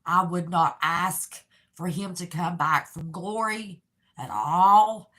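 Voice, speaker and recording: A woman's voice: fairly low pitch, takes it slowly, fairly bright tone. An older woman speaking as a channel host, giving an earnest, heartfelt personal testimony. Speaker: channel host sharing her faith and grief.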